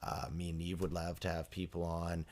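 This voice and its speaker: A man co-hosting a podcast in casual chat, rambling and correcting himself as he goes, quick to laugh. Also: sits low, completely flat delivery, a little mellow, a little hiss or hum. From Canada. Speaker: podcast co-host.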